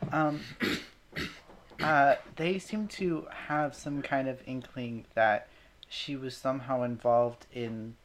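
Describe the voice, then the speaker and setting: A woman playing a tabletop game, speaking hesitantly with many pauses. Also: extremely low pitch, slight background noise. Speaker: player.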